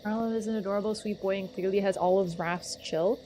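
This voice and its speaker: A young woman streaming a game, talking to her chat in a sarcastic, teasing, playful way. Her pitch sits right in the middle for a woman. A steady hum of crickets and insects runs clearly behind her voice. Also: brisk. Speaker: livestreamer. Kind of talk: casual gaming livestream chat.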